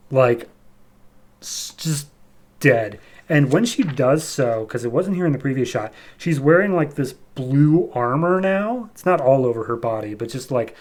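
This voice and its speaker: A man hosting a comic book podcast, recapping an issue in a relaxed, chatty way and briefly acting out characters' lines. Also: medium pitch.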